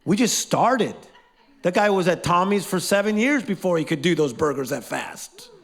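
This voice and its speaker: A man teaching a live motivational class, energetic and playful, leading call-and-response and quizzing his audience. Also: high-pitched, fairly quick, creaky.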